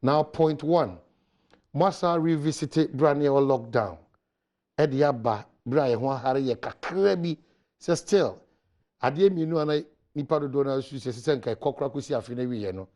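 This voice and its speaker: A man's voice: mid-range voice, moderate pace, a little mellow. A man with a Ghanaian accent hosts a morning talk segment in a mid-range voice. He puts pointed questions to his guest, mixing Twi and English. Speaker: morning show host.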